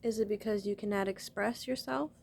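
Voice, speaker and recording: A woman's voice: medium pitch, steady tone, a little fast, vocal fry, a little mellow, slight background noise. A young woman vlogger talking to her viewers in a heartfelt, earnest way, rambling and restarting her sentences. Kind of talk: emotional personal talk to camera.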